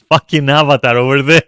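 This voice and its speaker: A man streaming a game talks loosely over his play, rambling from thought to thought with plenty of fillers and swearing. His voice sits at a middling pitch and is recorded close and dry, with no room sound. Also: pushed and bright, smooth, no echo. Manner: rambling, profane, with frequent fillers. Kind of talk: casual gameplay commentary.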